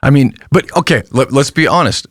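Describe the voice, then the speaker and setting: A man, a pastor co-hosting a podcast, telling a self-deprecating story in casual chat with halting restarts. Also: medium pitch, lively intonation, dry recording, studio quality.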